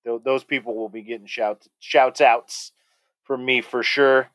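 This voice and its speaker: A man hosting a podcast in casual chat, animated and rambling, often laughing. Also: medium pitch, measured pace, no room sound. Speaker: podcast host.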